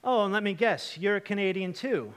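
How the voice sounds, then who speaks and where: A man's voice: high-pitched, moderate pace, fairly bright tone, voice pushed up. A young preacher putting on a sarcastic little old Frenchman in a sermon story. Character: angry little old Frenchman, boat owner.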